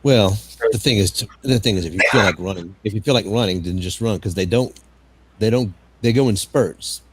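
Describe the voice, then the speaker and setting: A man's voice: fairly low pitch, fairly quick, very noisy. A man from the southern United States chatting casually, joking and swearing, often repeating his words. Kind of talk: casual chat.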